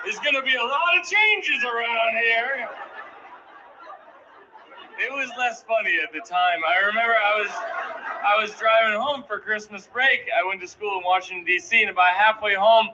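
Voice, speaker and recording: A man in his thirties tells an embarrassing story on stage, anxious and self-mocking. His voice sits a touch high for a man. The live recording is dull and carries a lot of noise. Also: moderate pace. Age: 30s. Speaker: stand-up comedian. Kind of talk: stand-up comedy storytelling.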